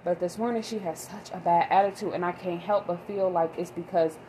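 Rambling mom vlogger, emphatic. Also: female voice, lowish voice, steady tone, fairly quick, mellow, slight background noise, rough recording. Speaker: mother vlogger. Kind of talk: casual monologue.

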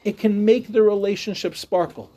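A man's voice: high voice, fairly even intonation, normal speed, dark tone. A middle-aged man, a rabbi, teaching a humorous live class with chatty storytelling, jokes and restarts.

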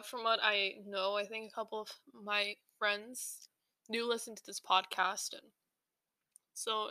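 A woman's voice: medium pitch, pushed and bright, no echo. A young woman hosting a podcast in a casual, rambling chat, full of fillers and restarts. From South Asia. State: slightly out of breath while eating. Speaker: podcast host.

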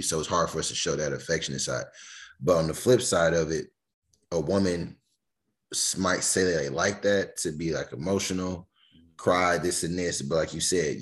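A man co-hosting a podcast, telling stories in relaxed casual chat and retelling what friends said. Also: very deep voice. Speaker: podcast co-host.

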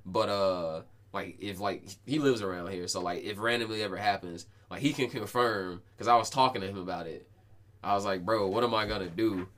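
A man in his twenties hosting a podcast, telling stories in casual, slangy talk full of swearing and quick restarts. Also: low voice, fairly bright tone. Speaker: podcast host. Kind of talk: casual chat.

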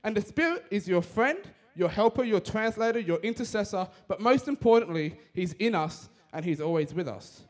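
A young man giving a casual, energetic sermon, talking fast with slang. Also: sits high.

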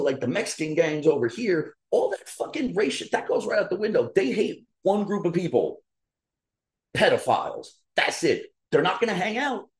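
A man on a casual podcast, ranting hard and swearing freely. His voice sits a little high and swings widely in pitch as he gets worked up. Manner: profane, animated ranting. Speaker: podcast co-host.

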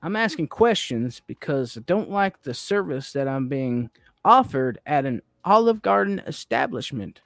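A playful podcast co-host with a slightly high voice who stammers and restarts as he improvises. The sound is close and dry, with no room around it. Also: big pitch swings, normal speed, creaky, a bit bright, no echo.

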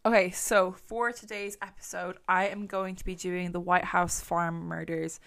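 A woman's voice: lowish voice, level tone, normal speed, vocal fry, fairly bright tone, soft background music. A woman hosting a true crime podcast, chatting casually with a rambling, sweary manner. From England. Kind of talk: casual chat.

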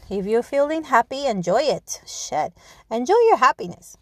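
Blunt, swearing woman with a high voice. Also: moderate pace. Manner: blunt, swears freely, animated; restarts and repeats words often. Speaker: podcast host. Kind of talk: casual spoken monologue.

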